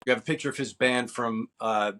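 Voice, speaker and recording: A man's voice: mid-range voice, fairly even intonation, a little fast, sharp tone. A man in his fifties from New Jersey, an actor and stuntman chatting easily as an interview guest, rambling with fillers. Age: 50s. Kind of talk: casual interview.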